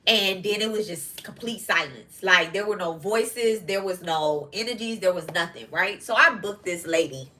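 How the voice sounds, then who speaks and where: A middle-aged woman with a bright, forceful voice talks straight to her viewers in casual podcast chat. She is blunt and profane, with quick asides and laughter. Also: lowish voice, animated, poor audio. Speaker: podcast host.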